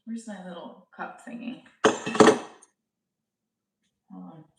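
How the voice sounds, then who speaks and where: A woman's voice: fairly low pitch, takes it slowly, vocal fry, roomy sound, distant mic, heavy background noise. A woman comedian chatting casually on a live stream, rambling and cutting herself off as she tells a story. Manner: chatty, rambling, self-interrupting. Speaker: stand-up comedian.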